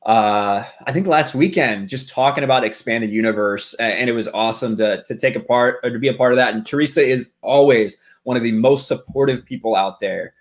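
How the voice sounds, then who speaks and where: A man's voice: medium pitch, a little fast, hardly any pauses. A man hosting a charity live stream with a mid-range voice. He reads out donations and thanks people in an easygoing, slightly hesitant way. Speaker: host.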